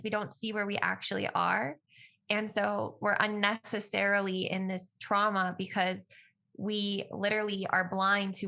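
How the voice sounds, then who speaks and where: A woman guest on a relaxed podcast who speaks openly and from the heart. Her voice is bright and forward at a medium pitch, and her sentences run on in a flowing way. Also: vocal fry. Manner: open, heartfelt, speaks of personal experience in a flowing way. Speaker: podcast guest, yoga teacher. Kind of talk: casual conversational interview.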